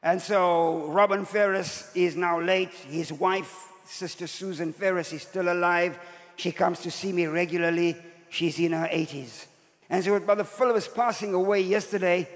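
A man in his sixties preaches as a visiting bishop, his voice sitting high for a man. He tells his story in a sermon and jumps up sharply when he acts out the people in it. The voice rings with the long reverb of a large church hall. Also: steady tone, normal speed. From Zimbabwe. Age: 60s. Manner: storytelling, acting out quoted voices with sudden rises.

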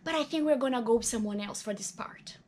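A weary audition director lets actors down politely, as a woman reads the part. The voice is high and the tone is courteous and dismissive. It is a sitcom table read. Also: quick pace, a little mellow, slight background noise, lightly acted.

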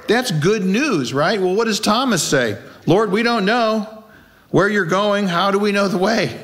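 A man preaching a sermon in a church, his voice sitting a little above the usual male pitch. He keeps it conversational and throws out rhetorical questions. He acts out the lines he quotes in character voices. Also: a bit bright. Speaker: pastor.

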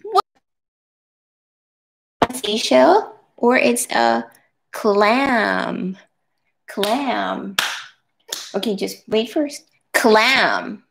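A woman leads a preschool circle time in a slow, sing-song way, stretching her words for small children. Her voice is bright and slightly high, patient and encouraging. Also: big pitch swings, vocal fry, slight background noise.

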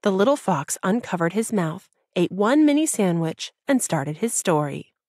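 A woman narrating a children's audiobook in an expressive storytelling voice. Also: mid-range voice, moderate pace, dry recording, clean studio sound.

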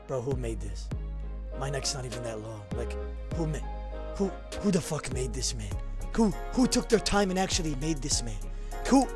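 A man's voice: medium pitch, animated, moderate pace, music in the background. A man streaming a game, talking casually with lots of swearing, trash talk and repeated phrases. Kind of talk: casual live gameplay commentary.

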